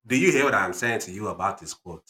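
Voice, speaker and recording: A man's voice: fairly low pitch, animated, fast talker, sharp tone. A man voicing a stern, lecturing figure in a put-on African accent who hands out wise sayings and keeps asking if he is understood. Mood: scolding. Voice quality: commanding, repeats questions to the listener.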